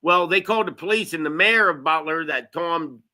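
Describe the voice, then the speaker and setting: Guy with a real bright voice kinda high, swearing a lot, rambling stories on a podcast. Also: normal speed. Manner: profane, rambling storyteller. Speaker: guest, local news video maker. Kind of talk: casual podcast chat.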